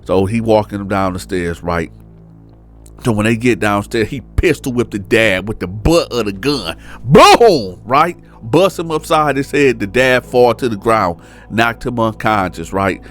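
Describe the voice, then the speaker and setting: A man's voice: on the low side, normal speed, soft background music. A man casually telling a true-crime story in colloquial slang, often checking in with "right?".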